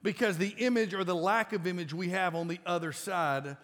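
Emphatic high-voiced male pastor preaching. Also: fairly quick. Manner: conversational and emphatic, with sudden loud bursts. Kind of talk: sermon. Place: large church auditorium. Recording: live church sound with long reverb.

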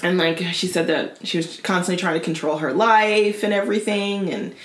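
A woman co-hosting a casual chat in an animated, gossipy way. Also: on the low side. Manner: animated, gossipy, quick reactions. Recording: roomy echoey room.

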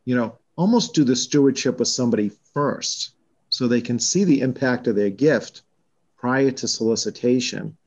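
Boston-accented man, measured fundraising talk. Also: mid-range voice, darkish tone, breathy edge, muffled recording. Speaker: college fundraising vice president. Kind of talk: podcast conversation.

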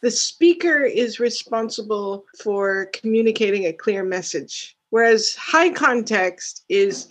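A woman who teaches English, hosting a casual conversation, explaining clearly and teasing her guest. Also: mid-range voice, expressive, measured pace, few pauses.

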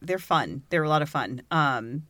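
A woman's voice: deep voice, lively intonation, moderate pace, fairly bright tone, no echo. A woman co-hosting a podcast in casual chat, joking and sarcastic, laughing often with crude, irreverent humor. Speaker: podcast co-host.

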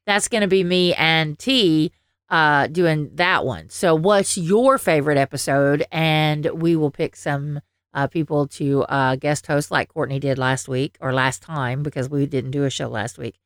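Low-voiced Southern woman co-hosting. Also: a little slow, smooth, no echo, studio quality. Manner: rambling, lots of fillers and laughs. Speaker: podcast co-host. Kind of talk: casual chat. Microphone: headphones on, own mic.

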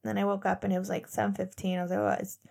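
A woman's voice: medium pitch, level tone, rapid-fire, creaky, darkish tone. A woman in her thirties co-hosting a podcast, telling stories in a bubbly, giggly way. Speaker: podcast co-host. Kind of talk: casual chat, storytelling.

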